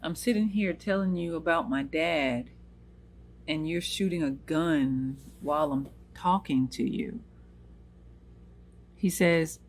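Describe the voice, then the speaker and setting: A woman's voice: deep voice, slow pace, pauses often. An American woman hosting her own channel, telling a personal story in an earnest, emotional way and quoting what people said. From United States. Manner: earnest, emotional, retells scenes with quoted dialogue. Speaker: channel host.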